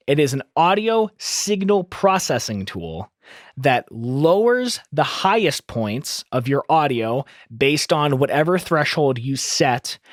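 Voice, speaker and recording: In a screen-recorded audio tutorial, a man with a mid-range voice explains the process step by step, upbeat and instructive. The close studio microphone picks him up with no echo.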